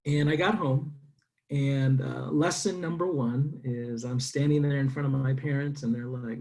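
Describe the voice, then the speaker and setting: A man's voice: medium pitch, normal speed, gravelly. A middle-aged man from San Diego telling his life story to an audience, acting out the voices in it. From San Diego, United States. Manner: animated storytelling, acting out dialogue. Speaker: speaker. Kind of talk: personal story talk.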